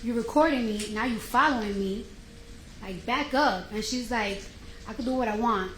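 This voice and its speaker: A woman testifying in court, telling her story in an animated, slangy way and acting out the quoted dialogue. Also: fairly high pitch, moderate pace. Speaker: trial witness. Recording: roomy courtroom audio with faint noise.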